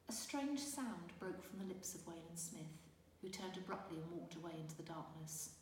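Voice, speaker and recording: A woman narrating a fantasy storybook in a measured, gentle reading. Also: fairly low pitch, slight background noise. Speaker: audiobook narrator. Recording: roomy distant reverberant recording with faint ambience.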